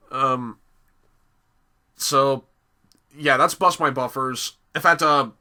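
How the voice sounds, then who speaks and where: A man giving a casual, animated video review, often laughing and filling pauses with "um". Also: mid-range voice. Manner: animated, giggly, many fillers.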